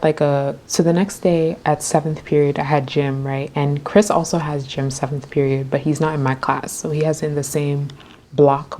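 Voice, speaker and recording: A young woman vlogger with a notably low voice tells a story, chatty and animated, relying heavily on filler words as she talks.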